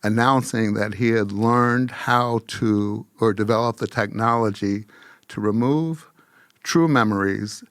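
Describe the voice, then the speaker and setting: Brief: lowish man, measured explainer, dry close sound. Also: dry recording.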